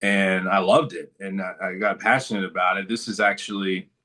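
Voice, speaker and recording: A man's voice: deep voice, flat delivery, normal speed, sharp tone. A man talking as a guest in a casual interview, telling stories in a laid-back, good-humored way.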